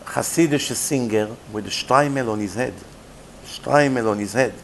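A man's voice: mid-range voice, moderate pace, creaky, a little hiss or hum. A man giving a sermon as a rabbi, emphatic and repetitive, mixing in Hebrew and Yiddish terms.

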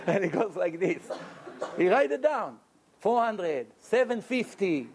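A man telling a lively, joking story in a Torah lecture and acting out the characters as he goes. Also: sits high, unhurried, a little hiss or hum. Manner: animated, jokey storyteller who acts out characters. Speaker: rabbi giving a Torah lecture. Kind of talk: storytelling sermon.

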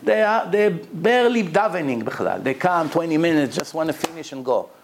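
A man's voice: on the high side, lively intonation, brisk, a little hiss or hum. Man teaching a religious text. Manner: teaching with examples, non-native English with Hebrew quotes. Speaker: Torah teacher.

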